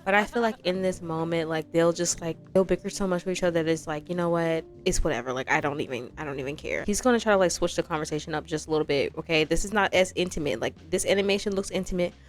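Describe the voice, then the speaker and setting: A woman's voice: on the low side, fast talker, few pauses. A woman giving chatty, sassy commentary over a game playthrough, with dramatic asides to the viewers. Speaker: gaming video creator.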